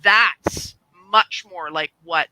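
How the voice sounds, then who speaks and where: A man with a very bright, slightly higher voice talks casually on a discussion panel. He rambles, wanders off topic and restarts his sentences often. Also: drawn-out words, dry recording, poor audio. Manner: rambling, digressive, self-interrupting.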